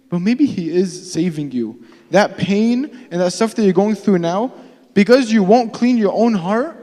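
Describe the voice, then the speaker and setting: A man's voice: high voice, dark tone. A young man giving a casual sermon as a youth speaker, talking conversationally and acting out pleading prayers. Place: church hall. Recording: church hall live stream with long reverb.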